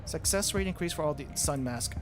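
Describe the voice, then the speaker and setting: A young man streaming a video game, thinking aloud and reading item text in a halting, casual way. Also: a little high, expressive. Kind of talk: casual gameplay commentary. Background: game music.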